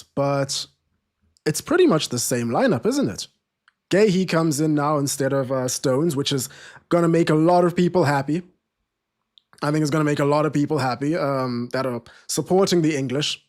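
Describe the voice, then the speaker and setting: A man's voice: a little high, moderate pace, darkish tone. A man hosting a live football watchalong, chatting casually and self-deprecatingly with many fillers and restarts. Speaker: watchalong streamer. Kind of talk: casual live-stream chat.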